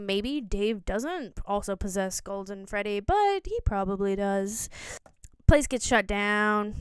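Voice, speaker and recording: Rambling young woman, crisp dry sound. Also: fairly high pitch, no room sound. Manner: rambling, self-correcting, jokey asides. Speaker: video essay host. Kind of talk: casual rambling explainer. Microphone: phone.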